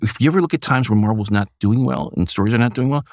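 A man talking as an interview guest, telling stories in an animated way and laughing often, on a close studio mic. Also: lowish voice, quick pace, no room sound. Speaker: guest, comics creator. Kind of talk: casual interview storytelling.

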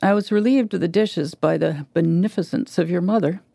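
A woman's voice: lowish voice, normal speed, creaky, mellow, no room sound. A woman reading the lines of a bookish father with a dry, ironic manner. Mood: wry. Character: wry, bookish father on his porch.

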